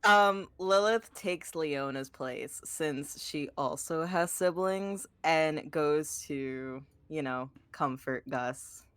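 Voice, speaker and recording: Slow low-voiced woman player. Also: clear, resonant tone, no echo. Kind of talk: playing a tabletop game.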